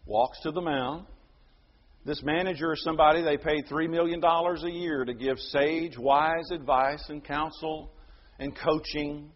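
A man preaching a sermon, emphatic, his voice swelling to loud peaks and then dropping soft. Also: fairly high pitch, steady tone, unhurried, muffled recording. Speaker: pastor.

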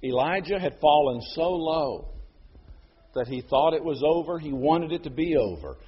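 A man preaching a sermon, emphatic, his voice swelling to loud peaks and then dropping soft. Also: fairly high pitch, big pitch swings, moderate pace, gravelly, husky, lo-fi sound. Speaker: pastor.

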